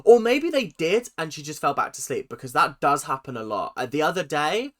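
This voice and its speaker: A man's voice: fairly high pitch, sing-song, a little fast, fairly bright tone. A British man chatting casually as he reacts to a show, laughing and mimicking lines he hears. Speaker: reaction video host.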